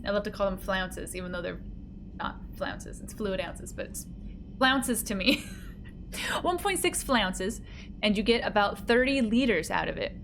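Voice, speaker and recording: A woman's voice: medium pitch, animated, unhurried, noisy background. A woman streamer chatting casually with her live chat, giggly and playful as she reads messages aloud.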